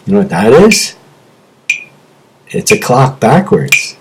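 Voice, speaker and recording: A middle-aged self-improvement host talks to camera in his own video, an impassioned, rambling monologue that jumps between topics. His voice is mid-range with huge pitch swings, he speaks slowly, and the background is noisy.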